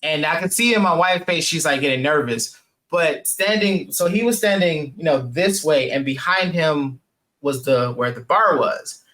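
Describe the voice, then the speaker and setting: A young podcast guest who holds a purple belt in jiu-jitsu tells casual, animated stories, leaning hard on "like" and "man." He acts out other people's voices and laughs often, speaking at a moderate pace with a fairly high pitch.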